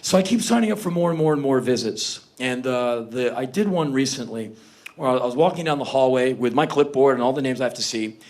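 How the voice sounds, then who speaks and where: A man in his fifties doing a comic spoken word monologue on stage, animated and given to sudden loud outbursts. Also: medium pitch, brisk. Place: stage before an audience.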